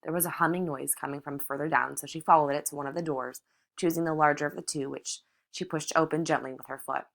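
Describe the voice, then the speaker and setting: A woman reads a novel aloud in a measured, even manner. Her voice sits low and steady. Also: vocal fry. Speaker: audiobook reader. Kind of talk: novel narration read aloud.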